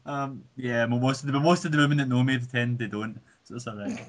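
A man's voice: medium pitch, quick pace. A Scottish man hosting a podcast, joking and self-mocking in casual chat, laughing often. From Scotland. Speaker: podcast host.

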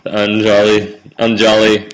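A man's voice: on the low side, monotone, a little slow, a little hiss or hum, poor audio. A young man co-hosting a podcast, with playful, teasing banter. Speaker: co-host. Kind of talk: casual banter.

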